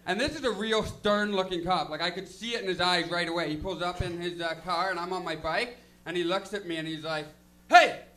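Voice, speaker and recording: Young stand-up guy, high and bright, rambling self-deprecating delivery on a stage mic. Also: fairly quick, few pauses. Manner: self-deprecating, loose, filler-heavy delivery. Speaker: stand-up comedian. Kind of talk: stand-up comedy set. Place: comedy lounge stage.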